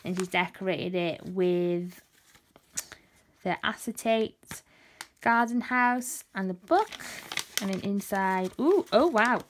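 A woman's voice: medium pitch, fairly even intonation, takes it slowly, long pauses, a little hiss or hum. A woman chatting casually as she unboxes craft mail, gasping and gushing with delight. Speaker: craft vlogger.

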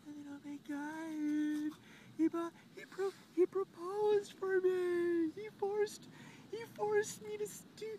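A man voicing a gushing, weepy young woman in a shrill, cracking falsetto, whining and sobbing between gushes. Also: flat delivery, slow, mellow, a little hiss or hum, rough recording. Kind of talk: vlog mockery.

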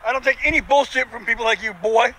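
A man's voice: very high-pitched, fast talker, pushed and bright, poor audio. A man in a prank video clip, talking angrily and confrontationally and swearing at the person in front of him.

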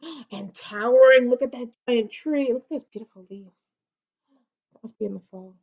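Gentle, high-voiced woman reading stories. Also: expressive, moderate pace, breathy edge, muffled recording. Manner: gentle, encouraging, gasps at pictures. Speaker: children's librarian. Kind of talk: story time read-aloud.

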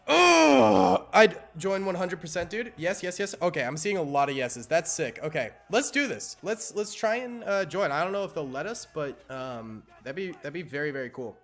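A man's voice: on the high side, expressive, normal speed, few pauses. A man hosting a gaming video, chatting casually as he plays and often trailing off into mumbles. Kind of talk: casual gameplay commentary.

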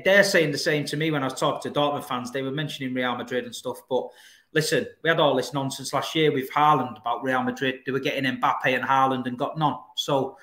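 Laid-back bloke in an echoey room. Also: male voice, a little high, fairly bright tone. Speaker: football channel host. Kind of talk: casual football chat.

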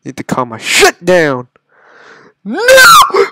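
A man doing gameplay commentary who shifts from low muttering to sudden shrieking outbursts, swearing often. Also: unhurried, clear, resonant tone, dry recording. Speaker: gamer.

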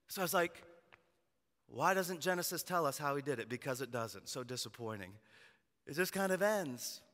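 High, sharp-voiced man preaching in a reverberant hall. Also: animated, normal speed. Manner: conversational storytelling, swinging from loud emphasis to quiet. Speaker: pastor. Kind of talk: sermon. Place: church sanctuary.

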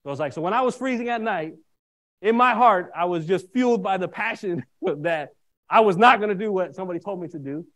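A man preaching a sermon, telling a personal story in an animated way and often checking in with his listeners. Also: high-pitched, brisk. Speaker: minister.

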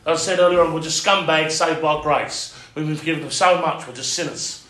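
A man's voice: a little high, brisk, pushed and bright. Impassioned male preacher, echoey room. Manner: earnest, rising to impassioned, with everyday dialect grammar. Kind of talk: sermon.

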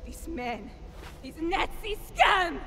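An actress playing a fierce young female resistance fighter and former nurse in a video game cutscene, going from low, threatening hushes to angry outbursts. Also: lively intonation, slow pace, slight background noise, heavily acted.

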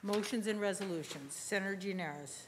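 A woman presiding over a legislative session in a measured, formal manner. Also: medium pitch, slight background noise. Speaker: presiding officer. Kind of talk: formal parliamentary procedure. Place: large legislative chamber. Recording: long reverb of a large chamber.

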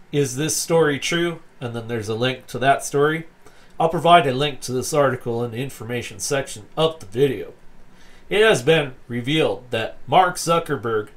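A man slowly reading articles aloud for a video, stumbling over words and adding amused asides. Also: mid-range voice, a bit bright. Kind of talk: casual read-aloud commentary.

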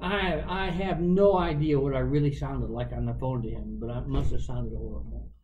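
An older man, a guest preacher, telling his testimony with animated storytelling and acting out the voices in it. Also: mid-range voice, normal speed, distant mic, lo-fi sound, a little hiss or hum.

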